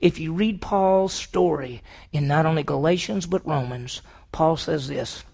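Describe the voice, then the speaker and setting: A man preaching a sermon to a congregation in a church hall, swinging from loud emphasis to hushed near-whispers and putting questions to the room. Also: fairly high pitch, unhurried, gravelly. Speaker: pastor.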